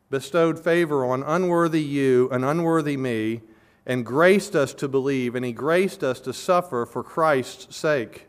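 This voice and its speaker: A man preaching an expository sermon as pastor, earnestly, swelling loud on key words and then dropping low. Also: a little slow.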